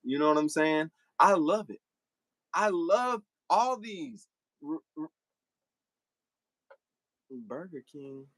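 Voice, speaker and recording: A young man streaming live, talking back to commenters in a blunt, animated way. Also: fairly high pitch, slow, long pauses, dry recording. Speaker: livestreamer. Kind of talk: casual livestream talk to commenters.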